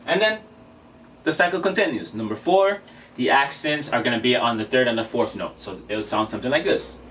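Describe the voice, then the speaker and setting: A man's voice: mid-range voice, expressive, fairly quick. A man teaching drum rudiments in a casual vlog, counting off beats between exercises, recorded on a camera mic. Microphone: camera microphone. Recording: camera mic from a distance, faint room noise.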